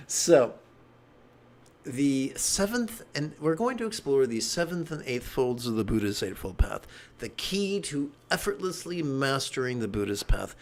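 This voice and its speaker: A man teaching meditation in an animated dharma talk, with joking asides. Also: mid-range voice.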